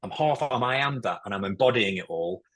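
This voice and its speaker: A man's voice: on the low side, animated, brisk, a bit bright. A man in his forties, a guest telling stories in casual chat, candid and swearing freely. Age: 40s. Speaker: podcast guest, musician and ex-footballer.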